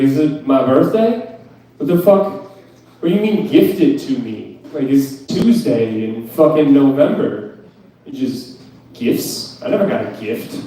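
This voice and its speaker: A young comic does an open-mic stand-up set on a club stage, ranting profanely with incredulous self-mockery. His medium-pitched voice is warm, but the rough recording is very echoey from a distant mic.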